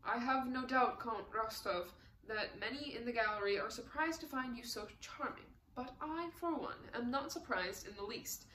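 A woman's voice: fairly high pitch, normal speed, few pauses, pushed and bright, roomy sound, recorded from a distance, slight background noise, poor audio. A woman voicing a severe male committee secretary who speaks in a formal, scornful way. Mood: disdainful.

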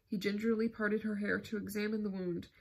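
Husky-voiced woman reading a novel. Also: mid-range voice, level tone, a little fast, a little mellow. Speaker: audiobook narrator. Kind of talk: scripted narration.

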